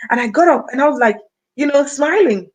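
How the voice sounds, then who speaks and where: A woman's voice: high voice, expressive, a little fast, low-quality recording. Chatty Cameroonian woman livestreaming. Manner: chatty, addresses viewers directly and reads out comments. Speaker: livestream host. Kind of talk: casual livestream chat.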